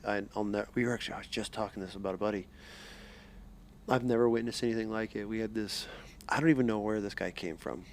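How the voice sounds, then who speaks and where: A middle-aged man hosts a podcast in a loose, casual way. His voice sits fairly low, and his talk rambles, swears freely, and starts over often. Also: creaky. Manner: rambling, profane storytelling with restarts. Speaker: podcast host. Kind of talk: casual interview chat.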